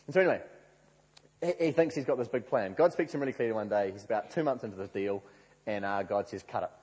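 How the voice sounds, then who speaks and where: Husky guy preaching, story-style sermon, big echoey hall. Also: on the low side, fast. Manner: animated storyteller, acts out quoted prayers. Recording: reverberant hall.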